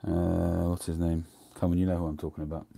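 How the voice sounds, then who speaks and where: A man's voice: low-pitched, little pitch movement, brisk, vocal fry, warm tone. A middle-aged man, hosting a casual livestream chat, rambling and drifting off topic as he talks. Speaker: host.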